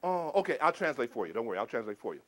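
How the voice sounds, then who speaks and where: A man telling a folk tale to a live audience as a storyteller, expressive, swinging between booming shouts and hushed asides and asking the listeners questions. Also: racing, heavy background noise.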